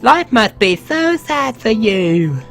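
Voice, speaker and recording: A man's voice: sits high, big pitch swings, slow, gravelly, a bit bright, soft background music, pitched above the performer's own voice, full character voice. Man putting on a sing-song little child. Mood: mock-pitying. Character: small chirpy child fretting over a broken doll. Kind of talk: let's play voice-over.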